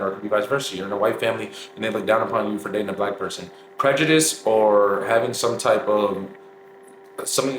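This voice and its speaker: Chatty young man, echoey room. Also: lowish voice. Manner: chatty, addresses viewers as y'all. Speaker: vlogger. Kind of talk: casual storytime. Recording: echoey room with faint noise.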